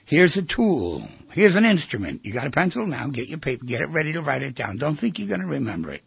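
An older man hosting a radio advice show, talking in an animated way and acting out little scenes in other voices. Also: a little high, fast, creaky, husky, no echo, dull audio.

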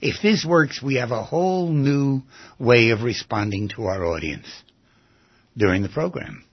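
A man's voice: medium pitch, measured pace, breathy edge, dry recording, muffled recording. A man hosting a radio talk show as a psychotherapist, talking in a rambling, conversational way and repeating himself.

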